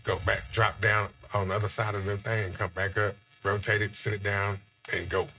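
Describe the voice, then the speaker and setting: A man from Texas, chatting casually on a podcast and telling animated stories with acted-out quotes. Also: fairly low pitch, moderate pace, slight background noise.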